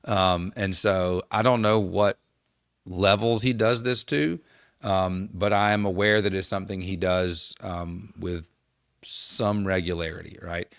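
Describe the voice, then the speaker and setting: A man's voice: low-pitched, fairly even intonation, a little slow, creaky, clear, resonant tone, no echo, clean studio sound. A man co-hosting a podcast, animatedly telling a story, laughing often and acting out quotes. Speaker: podcast co-host. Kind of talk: casual storytelling chat.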